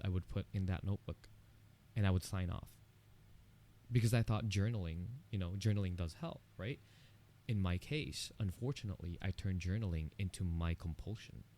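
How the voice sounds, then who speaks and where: A man's voice: deep voice, warm tone. A man hosting a solo podcast, talking earnestly and candidly in a personal, encouraging monologue with casual "you know" asides. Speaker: podcast host.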